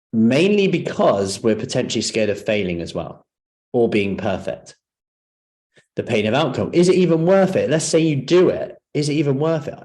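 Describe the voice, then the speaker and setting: A man's voice: medium pitch, a little mellow. A man leading a live seminar as a personal trainer, talking conversationally and often asking the audience questions.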